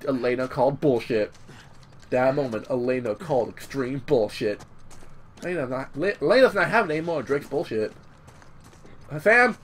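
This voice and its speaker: A man's voice: medium pitch, animated, normal speed, fairly bright tone, slight background noise. A young man hosting a gaming channel, chatting casually over gameplay, rambling with many restarts and casual swearing. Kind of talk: let's-play commentary.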